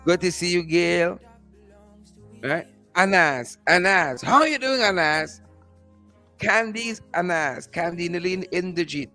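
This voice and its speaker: A man with a Guyanese accent hosting a live stream from outdoors, repeating upbeat shout-outs to his viewers by name. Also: high voice, expressive, slow pace, faint music behind. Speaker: host.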